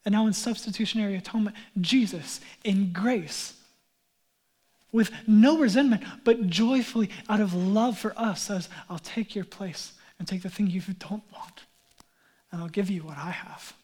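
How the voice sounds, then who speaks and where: A man's voice: high-pitched, moderate pace. Earnest conversational male pastor preaching. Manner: conversational storytelling, building to earnest emphasis; drops to a hushed near-whisper on key lines. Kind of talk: sermon.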